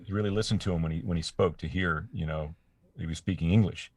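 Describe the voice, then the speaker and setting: Casting note: man, voice actor guest, very deep voice, chatty, stumbles over restarts, dry close studio mic. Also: fast, breathy edge, dry recording. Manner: animated, stammering restarts, laughing asides. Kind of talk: casual interview chat. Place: home studio.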